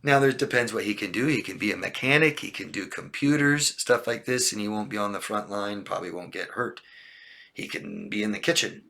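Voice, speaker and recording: A man's voice: fairly low pitch, a little fast, vocal fry, sharp tone. A man coaching viewers in a livestream, talking directly and bluntly, repeating key points and checking in with "okay?". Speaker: life coach. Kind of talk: livestream advice talk answering viewer questions.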